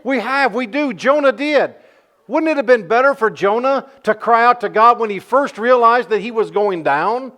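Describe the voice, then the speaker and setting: A man's voice: high voice, a bit bright. A man preaching a sermon to a congregation, telling folksy stories and asking the listeners rhetorical questions. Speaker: pastor.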